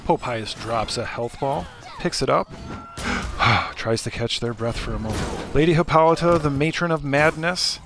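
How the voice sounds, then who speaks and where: A man's voice: mid-range voice, unhurried, background noise. Midwestern man joking through commentary. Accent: Midwestern American. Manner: joking, rambling play-by-play. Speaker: event commentator. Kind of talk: live game commentary.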